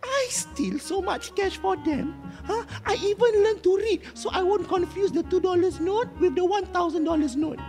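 A woman's voice: extremely high pitch, normal speed, hardly any pauses, a little mellow. A woman voicing a whiny undead infant spirit boy with a Malaysian English accent, petulant and self-pitying. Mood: complaining. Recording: long reverb with music behind.

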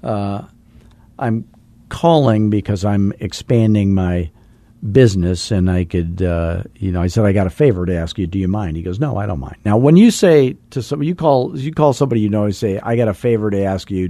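A man with a low, mellow voice hosts a real estate coaching podcast. He tells a jokey anecdote in a casual way and voices both sides of a phone call. The recording is dry and close. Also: moderate pace, no echo.

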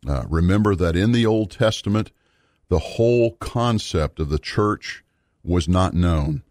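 A man teaching a Bible study series in an earnest, measured way, pausing with fillers and repeating words for emphasis. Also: deep voice, darkish tone, dry recording, clean studio sound.

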